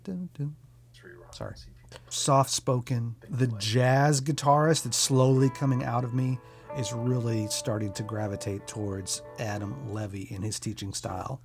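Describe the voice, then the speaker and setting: A man hosting a music channel, talking casually and enthusiastically about creators he recommends, with quick self-deprecating asides. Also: medium pitch. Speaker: music YouTuber and host.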